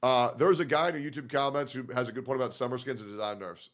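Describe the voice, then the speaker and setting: A young male streamer talking to his chat in a middle-pitched voice, casual and profane. He leans on fillers like "like" and trails off into low mutters between reactions. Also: fast, a bit bright.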